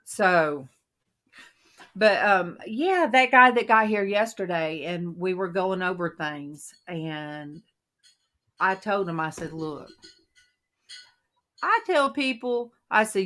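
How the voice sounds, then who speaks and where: A middle-aged woman hosting a casual chat, telling folksy stories in an animated way and quoting herself. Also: on the low side, slow, long pauses. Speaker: host of a Christian women's coffee talk panel.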